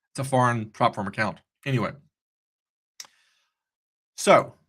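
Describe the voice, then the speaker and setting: A man's voice: medium pitch, sharp tone. A man hosting a live trading stream, chatty and upbeat, easily sidetracked as he talks through charts. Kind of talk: casual live-stream commentary.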